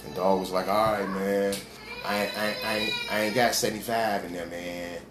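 A man's voice: on the low side, little pitch movement. A man telling a long story in casual chat, heavy on street slang and full of fillers and restarts, acting out what people said. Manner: rambling, heavy street slang, acts out quoted dialogue; halting with many fillers and restarts. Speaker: storyteller in conversation. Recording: echoey room with background noise.

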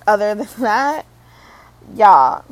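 A woman's voice: medium pitch, sing-song, takes it slowly, no echo, rough recording. A young woman from Michigan rambling casually to camera, full of fillers and self-corrections, swearing and laughing at herself. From Michigan, USA. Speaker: vlogger.

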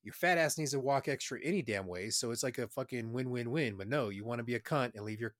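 A man's voice: mid-range voice, fast talker, fairly bright tone, no room sound. A man in casual, crude podcast chat who rambles, swears a lot and trails off into fillers. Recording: dry close sound.

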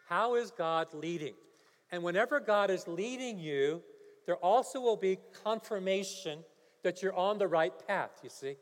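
A male pastor preaching a sermon, telling a story and building to emphatic preaching. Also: high-pitched. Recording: long hall reverb.

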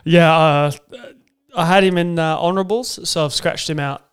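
A man co-hosting a casual film chat, chatty and quick to laugh. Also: on the high side, steady tone, smooth. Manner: chatty, laughs easily, hesitant with fillers. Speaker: podcast co-host.

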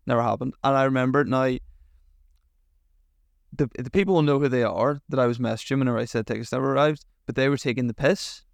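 Gravelly young man. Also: mid-range voice, quick pace, no echo. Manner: rambling storyteller, full of fillers and swearing. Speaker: podcast co-host. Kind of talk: casual chat.

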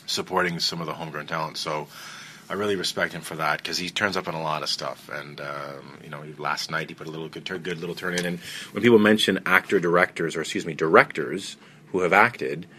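A man's voice: extremely low pitch, fairly even intonation, fairly quick, bright, forceful tone, slight background noise. A man hosting a podcast, casually reviewing a film in a rambling, enthusiastic way with many fillers and restarts.

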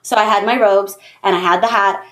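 A woman in casual chat among friends, telling stories with animation and breaking now and then into high put-on voices. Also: fairly even intonation, a little fast.

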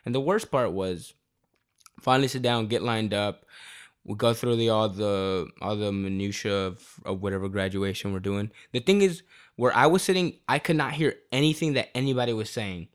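A man in his twenties talking in casual chat, telling stories in an animated, profane and slangy way. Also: on the low side, normal speed.

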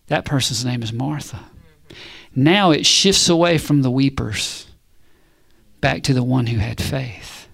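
With a gravelly, mid-range voice and a measured pace, a man preaches an animated, punchy sermon. He throws out rhetorical questions and calls back to the congregation.

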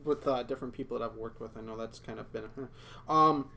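Casual: guy at the d&d table, mid pitch, kinda stumbly and unsure. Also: fairly quick, pushed and bright. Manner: hesitant, stumbling over words. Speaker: player.

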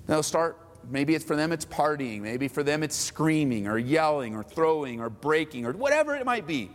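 A man preaching a sermon as a pastor, lively and acting out mocking voices of others. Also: on the high side, moderate pace, long reverb tail.

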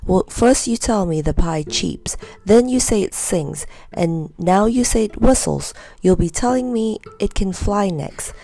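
A stern aunt with a short temper, snapping and scolding in a raised, sharp voice, put on by a woman reading a storybook aloud. A gravelly edge runs under her lines. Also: mid-range voice, animated, measured pace, hardly any pauses, no room sound. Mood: cross.

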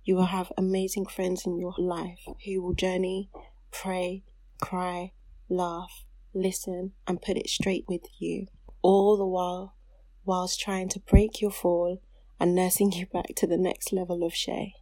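A woman's voice: fairly low pitch, completely flat delivery, measured pace, warm tone, dry recording. Heartfelt woman reading her own letter aloud, dry close recording. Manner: heartfelt, turns tearful and laughing while reading. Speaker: podcast co-host reading a letter to her younger self. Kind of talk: casual chat, reading aloud.

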